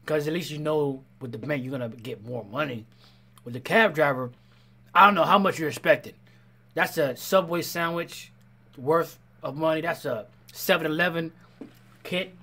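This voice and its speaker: A man's voice: a little high, creaky. A man hosting a reaction video, talking in a casual, slangy way as he comments on clips. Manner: animated, slangy, says "bro" a lot.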